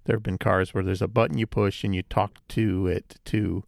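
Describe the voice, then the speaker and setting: A man with a low, gravelly voice co-hosts a relaxed podcast and explains technical things in a steady, measured way. His voice sounds dry and close to the mic. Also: dry recording. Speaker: podcast co-host. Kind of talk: casual chat.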